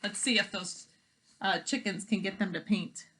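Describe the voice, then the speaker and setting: A woman teacher reading a picture book aloud to children, pausing to make predictions and ask questions. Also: mid-range voice, fairly even intonation, pushed and bright, a little hiss or hum.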